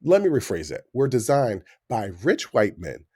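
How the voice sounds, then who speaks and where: A man in his forties from the United States co-hosting a podcast, talking in an animated, joking way and jumping between points. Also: medium pitch, moderate pace, breathy edge, dry recording, clean studio sound. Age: 40s. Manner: animated, jokey, talks over his co-host. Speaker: podcast co-host. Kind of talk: casual chat.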